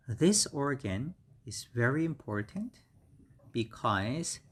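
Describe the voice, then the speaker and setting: Slow, careful Korean-accented male teacher. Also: medium pitch, animated. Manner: slow, careful word-by-word delivery with repeated words and fillers. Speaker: English teacher. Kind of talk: slow vocabulary lesson.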